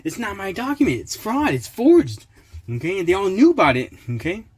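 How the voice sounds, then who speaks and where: A man's voice: sits high, wildly swooping pitch, fairly quick, husky. A man hosting his own channel, reading court papers aloud in casual commentary, sarcastic and indignant, laughing often. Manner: indignant outbursts.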